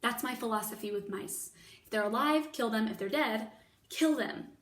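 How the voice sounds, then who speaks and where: A woman voicing a loud, bossy woman cook who shouts orders impatiently, in an echoey room with the mic at a distance. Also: a little high, normal speed, close to an everyday voice. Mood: furious.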